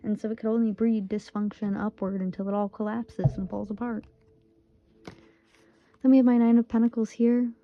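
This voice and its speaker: A woman's voice: fairly high pitch, level tone, moderate pace, long pauses, muffled recording, slight background noise. A woman in her twenties from Michigan, giving a casual, earnest tarot reading and repeating phrases for emphasis. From Michigan, USA. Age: 20s. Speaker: tarot reader.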